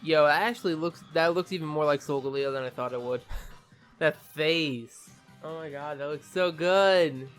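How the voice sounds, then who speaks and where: A gaming YouTuber who just woke up gives an excitable, swearing reaction to a game trailer and stumbles over new names. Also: medium pitch, moderate pace, faint music behind. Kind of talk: casual reaction commentary.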